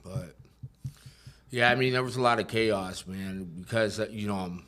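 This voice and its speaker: A man with a very low voice speaks as a guest on a podcast. He talks in a loose, conversational way. His speech is full of street slang, cursing and "bro.". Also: normal speed, fairly bright tone. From Inland Empire, California. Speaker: podcast guest sharing his recovery story. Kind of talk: casual conversation.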